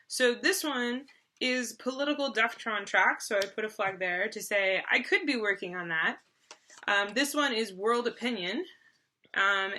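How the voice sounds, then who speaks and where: A woman co-hosts a board game video, explaining the rules casually and chattily, full of fillers and restarts. Her voice is a little high, with a bright, forceful tone.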